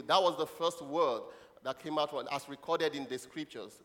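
A man's voice: on the high side, fairly quick, fairly bright tone. A man preaching a children's sermon, leading the congregation in call-and-response and quizzing them with questions and laughs. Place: church hall. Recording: long hall reverb.

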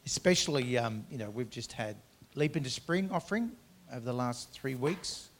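A man preaching a sermon as pastor, earnest, swinging from loud emphatic lines to quiet conversational asides, drawing out key words. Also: medium pitch, animated, moderate pace.

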